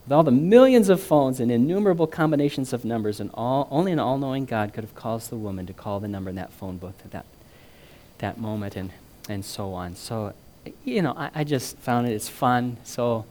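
A man reading a first-person story aloud with lively delivery and brief spoken asides. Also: mid-range voice, brisk, slight background noise. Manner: animated, acts out the dialogue.

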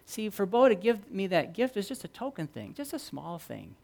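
A man's voice: sits high, big pitch swings, normal speed, vocal fry. Earnest male pastor preaching a sermon. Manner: earnest, storytelling, swings between loud emphasis and quiet.

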